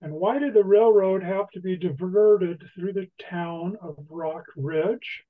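A woman hosting an online trivia game, reading questions slowly and deliberately with a light laugh now and then. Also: fairly low pitch, narrow, tinny audio. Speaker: trivia host.

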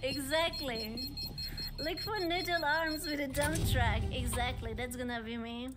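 A young woman live-streaming, chatting casually with viewers in a cheeky, playful, excitable way. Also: sits high, unhurried, over loud music. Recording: loud background noise.

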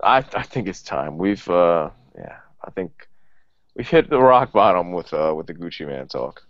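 A man with a fairly low, dry voice hosts a podcast in loose, profane banter, tripping over his own restarts. The sound is dull and lo-fi, with no room around it. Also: very animated, normal speed, no room sound. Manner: rambling and profane, with repeated restarts. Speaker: podcast host. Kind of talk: casual chat.

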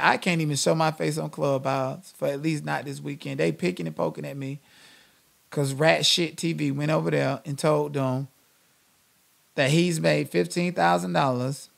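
A man's voice: on the high side, gravelly. A man hosting a live-stream commentary channel, ranting in a blunt, sassy, emphatic way.

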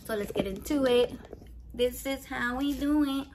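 Her voice a little high and steady, a woman in her thirties talks a bit quickly while cooking at home, with slight background noise. It's casual vlog chat: meandering, profane stories with Spanish words mixed into the English.

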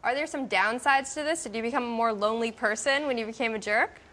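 A woman interviewing a guest on a TV business news program, asking brisk questions. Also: on the high side, bright, forceful tone.

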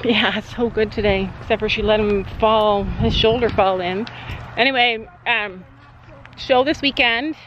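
A woman's voice: medium pitch, steady tone, measured pace, a bit bright, highs cut off, slight background noise. A middle-aged woman chatting casually to her viewers at a horse barn, cooing soothingly to the horses between remarks. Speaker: vlogger, mother at a horse barn. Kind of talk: casual family vlog chat.

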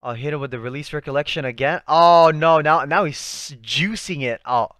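A young man hosting a live anime reaction, talking excitedly to the screen in slangy, casual speech. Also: mid-range voice, brisk, no room sound, clean studio sound. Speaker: anime reaction channel host.

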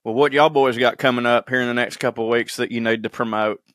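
A man, co-hosting a podcast and telling stories in a profane, animated way, acting out the people he quotes. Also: mid-range voice, fast, no echo, clean studio sound. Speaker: podcast co-host. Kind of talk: casual chat, comic storytelling.

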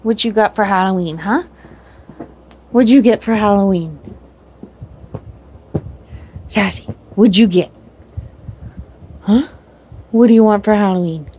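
A woman's voice: mid-range voice, a little slow, pauses often, warm tone, a little hiss or hum. A woman at home filming her cat on a phone, talking baby talk in coaxing, sing-song questions. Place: home indoors. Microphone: phone camera.

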